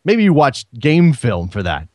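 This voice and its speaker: A man's voice: mid-range voice, huge pitch swings, unhurried, no echo, studio quality. A man hosting a casual sports call-in radio show, talking off the cuff and often repeating words as he thinks aloud.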